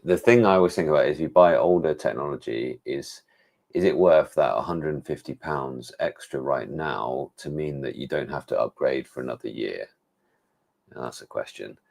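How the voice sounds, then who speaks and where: A man's voice: a bass voice, vocal fry, darkish tone. A man with an English accent, hosting a casual live stream about tech gadgets and thinking aloud with frequent restarts. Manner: rambling, thinks aloud with many restarts and fillers. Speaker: tech reviewer hosting a livestream.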